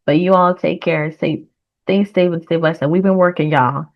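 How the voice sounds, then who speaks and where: A woman's voice: on the low side, steady tone, moderate pace, dull audio. A woman giving a casual reaction commentary on a trailer as the host of her channel, chatty and earnest, with encouraging, faith-tinged sign-offs. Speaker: reaction vlogger.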